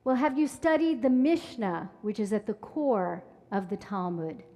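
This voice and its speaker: A woman voicing a patient, wise old male rabbi who asks measured, teacherly questions in a sermon story. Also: medium pitch, warm tone. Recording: reverberant sanctuary from afar.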